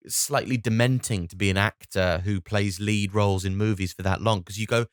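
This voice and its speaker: A man's voice: sits low, normal speed, no echo, clean studio sound. A British man, a comedian hosting a solo podcast, rambling and swearing with lots of restarts.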